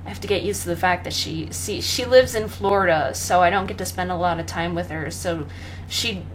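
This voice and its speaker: A young woman chatting casually about her pets, rambling with many pauses and fillers and often breaking into laughter. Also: on the low side, slight background noise. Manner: rambling, full of ums and laughs, talks to her cat. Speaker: pet owner vlogger. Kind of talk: casual chat.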